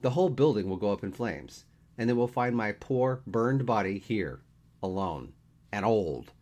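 A man's voice: fairly low pitch, animated, normal speed, darkish tone, lo-fi sound. A man voicing a whiny, melodramatic man about to turn thirty, in a read-aloud story. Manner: whining, theatrical.

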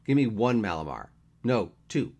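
A man's voice: lowish voice, big pitch swings, normal speed, darkish tone. A man voicing a whiny, melodramatic man about to turn thirty, in a read-aloud story. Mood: sulky. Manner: whining, theatrical.

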